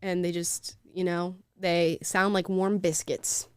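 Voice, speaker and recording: A woman's voice: lowish voice, little pitch movement, takes it slowly, smooth, no room sound, clean studio sound. A woman from the American South hosting a casual talk show. She chats freely and laughs often. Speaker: show host. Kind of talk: casual chat.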